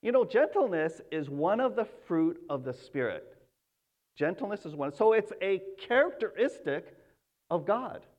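A man's voice: sits high, big pitch swings, measured pace, a little mellow. A man preaching a sermon in an earnest, emphatic way, repeating key words to drive them home. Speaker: pastor. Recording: dull lo-fi sound.

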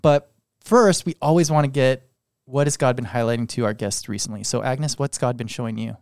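Deep-voiced lady hosting a church podcast, asks questions, kinda off mic, dry sound. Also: brisk, no echo. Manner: warm prompting questions, affirming murmurs. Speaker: podcast host. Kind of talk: faith podcast interview.

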